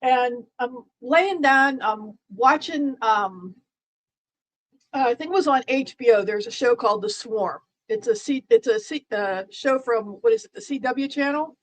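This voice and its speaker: This livestream host has a slightly high, expressive voice and keeps a measured pace, captured in a low-quality recording. Chatting casually with viewers, she wanders through her thoughts with many fillers and restarts, bantering and teasing the chat.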